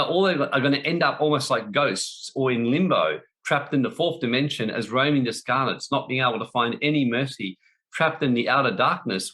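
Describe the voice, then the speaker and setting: A man delivers a spiritual talk in a bright, forceful voice. He is blunt and emphatic, doubling up phrases to drive each point home, with his pitch sitting in an ordinary middle range. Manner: blunt, emphatic, repeats for stress. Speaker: spiritual teacher.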